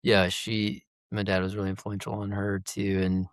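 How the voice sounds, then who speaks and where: A man's voice: lowish voice, completely flat delivery, moderate pace, no echo. A man, a company founder, talking as a guest in a loose, rambling way full of fillers. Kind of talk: casual interview talk.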